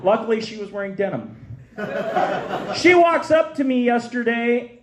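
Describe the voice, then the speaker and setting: A man's voice: extremely high pitch, expressive, normal speed, crowd noise. A man in his forties doing a stand-up comedy set on stage, with punchy, self-mocking delivery. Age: 40s. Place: comedy stage before a live audience.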